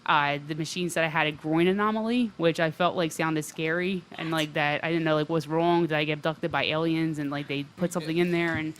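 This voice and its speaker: A woman's voice: deep voice, steady tone, fairly quick, hardly any pauses. A woman guest on a talk radio interview, telling her story in a loose, conversational way. She peppers her sentences with "like" and "um" and keeps the talk flowing. A faint hiss sits under her voice. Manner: chatty, fills speech with "like" and "um". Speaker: radio show guest, recovery advocate.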